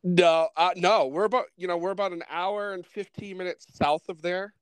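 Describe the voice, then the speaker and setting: A man's voice: high voice, fairly even intonation, moderate pace, clear, resonant tone, no room sound, low-quality recording. A man with a Rhode Island accent hosting a podcast, easygoing and hesitant, with lots of fillers. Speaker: podcast host. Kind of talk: casual interview chat. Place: Massachusetts home studio.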